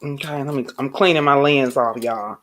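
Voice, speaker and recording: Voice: mid-range voice, normal speed, fairly bright tone, a little hiss or hum. Chatty, heated live-stream host. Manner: chatty and emphatic, greets viewers, swears when heated. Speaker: online commentator and channel host. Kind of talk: late-night live-stream commentary.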